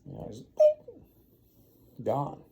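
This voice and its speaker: A man's voice: takes it slowly, dark tone. A man telling an improvised bedtime story at home while caring for a baby, rambling and laid-back. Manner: rambling, laid-back, full of "you know". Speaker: father.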